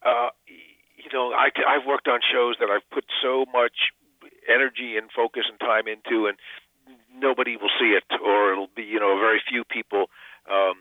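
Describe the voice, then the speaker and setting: A man's voice: mid-range voice, steady tone, normal speed, no echo. An older man, an actor and comedian, chatting in a phone interview, self-deprecating and full of restarts. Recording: tinny phone line.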